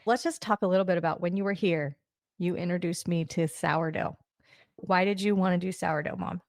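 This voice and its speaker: A woman's voice: lowish voice, fairly even intonation, brisk, a little mellow, dry recording, clean studio sound. A woman in her forties hosting a podcast, asking upbeat questions and prompting her guest to tell stories. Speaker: podcast host. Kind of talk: casual podcast interview.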